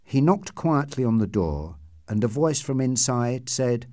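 Male narrator, expressive story reading, lively melody, dry booth sound. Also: mid-range voice, measured pace, dry recording. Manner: expressive, acts out dialogue. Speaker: audiobook narrator.

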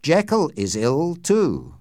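A man voicing a worried, loyal gentleman who speaks earnestly to his friends in a storybook reading. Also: fairly high pitch, wildly swooping pitch, takes it slowly, no echo, clean studio sound, pitched above the performer's own voice, heavily acted.

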